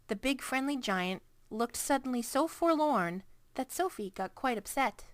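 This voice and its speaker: A woman narrating a children's storybook in an expressive, lively way. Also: sits high, unhurried, hardly any pauses, no room sound. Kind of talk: storybook reading.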